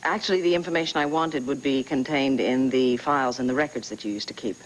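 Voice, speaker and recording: A woman's voice: rumbling low, fast, slight background noise, poor audio. An actress playing a persistent, insistent woman in a 1980s TV soap opera, pressing politely for what she wants. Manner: insistent, gushing. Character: pushy, persistent woman chasing old files.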